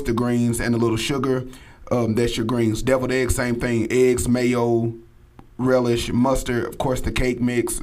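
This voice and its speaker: A man as a guest cook on a talk show, casually listing ingredients and prices with plenty of ums. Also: mid-range voice. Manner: relaxed, lists items and prices with fillers. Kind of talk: casual radio chat, recipe rundown.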